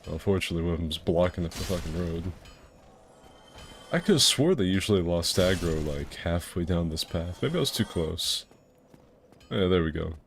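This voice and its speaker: A young man from Florida rambles through casual gameplay commentary, cracking crude jokes as he plays. His voice sits very deep and low. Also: animated, normal speed, gravelly, faint music behind. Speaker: gaming video host.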